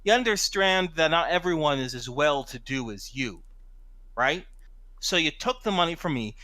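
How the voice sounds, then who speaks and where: A man's voice: a little high, expressive, moderate pace, pushed and bright, no room sound. A man voicing a hot-headed, puffed-up working-class man, brash and confrontational. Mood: aggrieved. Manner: brash, confrontational, street-tough.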